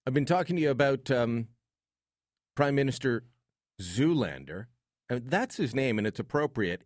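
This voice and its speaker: A man's voice: medium pitch, sing-song, normal speed, long pauses, dry recording, studio quality. A man hosting talk radio in a sarcastic, joking way. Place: radio studio.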